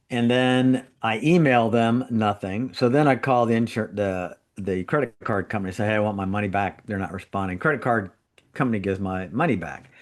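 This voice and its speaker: Chatty storytelling man on a podcast. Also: lowish voice. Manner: chatty storyteller who laughs through anecdotes and acts out quotes. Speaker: trauma surgeon and regular podcast guest.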